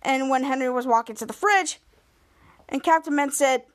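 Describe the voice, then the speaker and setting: High-voiced woman recapping a TV episode. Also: brisk. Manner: retells the plot with chatty "he's like" quoting. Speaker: podcast host.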